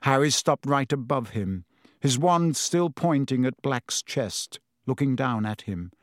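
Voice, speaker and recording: A man reading a fantasy novel aloud in measured, dramatic audiobook narration. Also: medium pitch, expressive, no room sound, studio quality.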